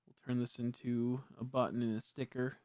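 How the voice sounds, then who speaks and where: A man's voice: mid-range voice, level tone, moderate pace, a little mellow, no room sound, studio quality. A young man casually chatting on a live stream, rambling and correcting himself, easily frustrated. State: hiccups.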